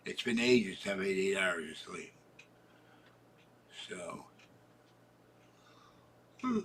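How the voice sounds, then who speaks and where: A man's voice: lowish voice, expressive, slow pace, pauses often, fairly bright tone, slightly rough. A man in his seventies, drowsy and rambling as he chats casually to viewers on his live stream. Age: 70s. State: sleepy. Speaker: channel host.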